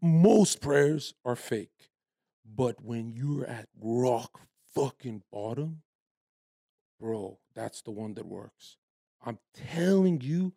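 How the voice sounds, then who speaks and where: A young man in his twenties from Canada, telling stories in a brash, profane, animated way as a guest in a casual podcast chat. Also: medium pitch, slow pace, vocal fry, no echo, studio quality.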